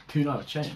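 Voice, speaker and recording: A man's voice: fairly high pitch, a little mellow, slight background noise. A man co-hosting a podcast in casual chat, with a dry, laid-back manner and easy laughter. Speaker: podcast co-host.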